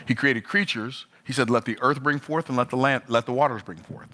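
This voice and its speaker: A man delivers a sermon in a bright, ringing voice. His delivery rises and falls, and he keeps asking the listener questions. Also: fairly quick. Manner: rhythmic preaching, rising and falling in pitch. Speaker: preacher.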